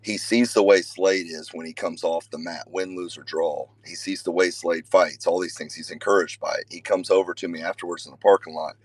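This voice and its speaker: A man, a father and youth wrestling coach, talking casually to a group, telling stories earnestly with sudden emphatic loud bursts and conversational fillers. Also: deep voice, fairly even intonation, a little fast, hardly any pauses, low-quality recording.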